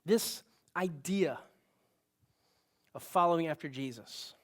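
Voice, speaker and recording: A man's voice: on the high side, slow, fairly bright tone. A male pastor giving a sermon in a conversational style, with asides and bursts of rising emphasis.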